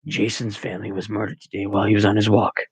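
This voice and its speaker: A man voicing a stern, grieving police chief father, speaking low and heavy. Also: completely flat delivery, fast, slightly rough, dry recording. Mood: grave. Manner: low, hushed, heavy delivery.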